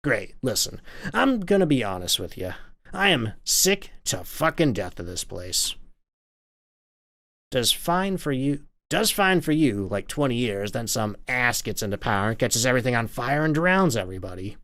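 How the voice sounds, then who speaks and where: A man voicing a gruff, fed-up middle-aged male foreman who swears and complains loudly in a game. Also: mid-range voice, very animated, moderate pace. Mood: irritated.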